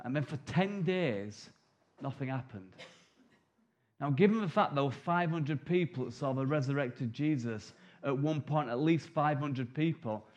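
A middle-aged man preaching a sermon, telling the story vividly and acting out the disciples' lines in quick asides. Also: medium pitch, a little mellow, lo-fi sound.

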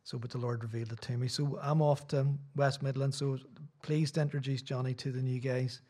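Middle-aged Irish preacher, chatty and rambling, mid-pitched male voice, church talk. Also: flat delivery, brisk, dark tone. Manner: rambling, self-deprecating, chatty asides. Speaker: visiting preacher. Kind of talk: sermon with casual chat.

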